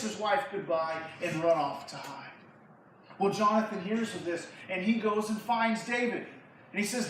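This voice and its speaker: A man, a youth pastor, retelling a Bible story in a lively, slangy way to a church group. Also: high-pitched, normal speed. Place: church hall. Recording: echoey hall from far off, faint noise.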